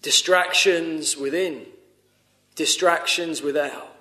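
A man's voice: a little high, steady tone, slow, pushed and bright, echoey room. A man preaching a sermon, earnest and pleading, rising to urgent appeals. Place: church.

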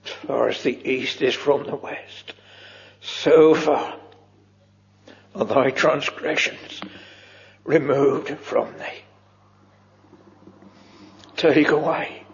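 A man preaching a solemn old-fashioned sermon in a church, slow and earnest, dropping at times to a hushed whisper. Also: mid-range voice, creaky. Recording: muffled old church recording with long reverb.

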